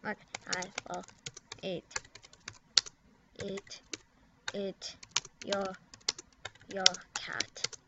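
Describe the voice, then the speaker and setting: A woman's voice: medium pitch, little pitch movement, heavy background noise. A young woman giggling and mumbling as she records a prank game video, typing at her computer. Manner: giggly, halting, mumbles and trails off. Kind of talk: casual giggly commentary while typing. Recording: dull lo-fi computer mic.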